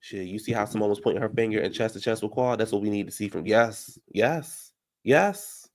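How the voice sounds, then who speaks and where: A man giving brash, profane reality TV recap commentary, heated and animated. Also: fairly low pitch, fairly quick.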